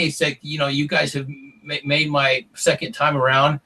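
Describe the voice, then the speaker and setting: A man's voice: a little high, little pitch movement, moderate pace, hardly any pauses, pushed and bright, husky, rough recording. A man telling long stories as an interview guest, rambling with lots of "like" and "you know". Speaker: interview guest, former reality show contestant. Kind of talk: casual interview storytelling.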